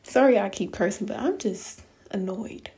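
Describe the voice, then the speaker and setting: A woman's voice: medium pitch, normal speed, vocal fry, dark tone. Profane, fed-up young woman telling a story. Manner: blunt, profane, exasperated, addresses viewers. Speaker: vlogger. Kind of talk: casual storytime rant.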